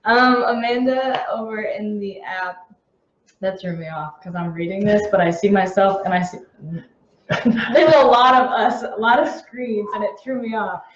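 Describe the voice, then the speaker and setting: A woman with a lilt reads out viewer questions in a chatty, playful way. Her voice sits at a middle pitch. The audio is roomy and slightly muffled. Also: moderate pace. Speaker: co-host reading viewer questions. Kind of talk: casual live-stream Q&A. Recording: roomy, slightly dull live-stream audio.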